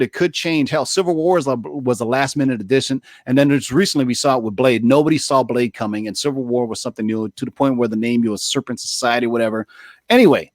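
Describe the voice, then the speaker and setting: Guy telling a wild story on a comics show, loud and jumpy, dry close mic. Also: medium pitch, no room sound. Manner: animated storytelling, loud swearing, acts out other voices. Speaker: podcast co-host. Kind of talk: casual chat.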